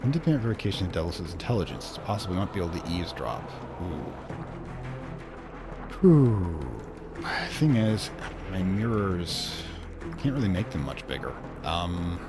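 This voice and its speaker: A man hosting a let's play, casually thinking aloud and reading game text. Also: low voice.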